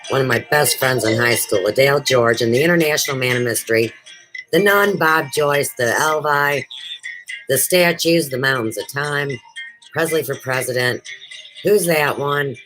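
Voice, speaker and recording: A woman's voice: a bass voice, moderate pace, fairly bright tone, faint music behind, poor audio. A middle-aged woman hosting her own livestream show, talking off the cuff in an unrehearsed, rambling way that jumps from topic to topic. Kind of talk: unrehearsed casual livestream chat.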